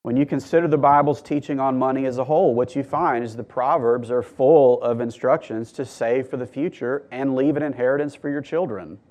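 A man's voice: medium pitch, a little fast, hardly any pauses. Man preaching, emphatic and earnest. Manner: earnest teaching with emphatic rises and hushed drops. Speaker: pastor. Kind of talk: sermon.

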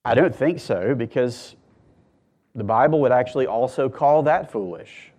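A man pastor preaching a sermon to a congregation, earnest and teaching, with emphatic rises and quiet drops. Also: medium pitch, moderate pace, breathy edge.

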